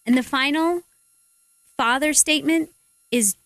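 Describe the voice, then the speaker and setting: A woman speaks on a faith-based radio talk show in a lightly raised voice. She is animated and acts out little quotes with big pitch leaps. The sound is close and dry, with no room around her. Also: moderate pace, no room sound. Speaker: guest speaker; parent.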